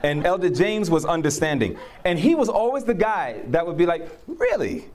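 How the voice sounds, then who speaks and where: His voice sits on the high side and moves briskly. Sharing testimony in a conversational way, this man preaches through personal stories, bringing quotes to life by acting them out and laughing frequently.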